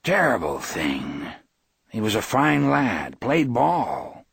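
A man with a husky voice voicing an older male veterinarian who speaks slowly and gravely. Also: lowish voice, sing-song, fairly bright tone, no echo, clean studio sound, exaggerated voice. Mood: solemn.

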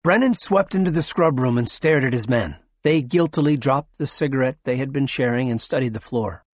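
A man narrating a novel in a steady, measured scripted reading. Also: medium pitch, no room sound. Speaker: audiobook narrator.

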